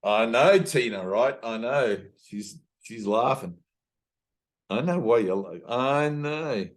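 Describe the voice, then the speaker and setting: A man's voice: mid-range voice, expressive, takes it slowly. A man who is a spiritual teacher, giving a casual talk, telling loose stories with plenty of fillers and acting out the voices he quotes. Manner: loose storytelling, full of fillers.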